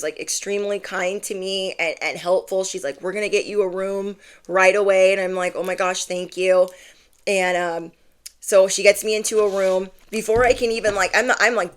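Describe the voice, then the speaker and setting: A woman in her thirties telling a personal story to her viewers in a chatty way, full of "like" fillers, acting out what people said. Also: lowish voice. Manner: chatty, lots of "like" fillers, acts out quotes. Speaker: vlogger.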